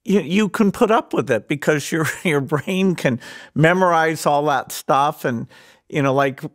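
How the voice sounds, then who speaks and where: A man's voice: fairly high pitch, unhurried. A man hosting a podcast interview, talking casually and hesitantly with fillers. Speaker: podcast host. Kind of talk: conversational interview.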